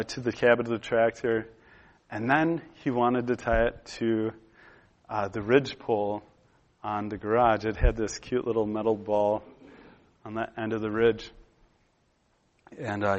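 A man in his thirties preaches to a gathered room, drifting into a personal story. He speaks in a mid-range voice, casual and halting, full of fillers and restarts. The recording sounds dull and lo-fi. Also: mid-range voice. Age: 30s. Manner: conversational storytelling with frequent "uh" and "and".

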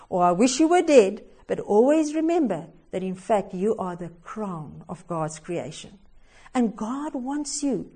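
A woman giving a sermon and telling a story, slow and emphatic, her voice swelling loud and sinking soft. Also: fairly high pitch. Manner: slow and emphatic, with big swings in loudness. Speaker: preacher.

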